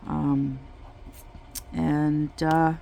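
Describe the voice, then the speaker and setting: A woman vlogger chatting casually while she crafts, telling a story in a slow, halting way with many pauses. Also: low voice, little pitch movement, creaky, warm tone, slight background noise.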